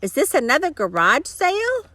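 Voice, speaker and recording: A woman voicing a cheerful, literal-minded young housekeeper in a storybook read-aloud, raising her voice high and bright. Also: wildly swooping pitch, moderate pace, no echo, full character voice. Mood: eager.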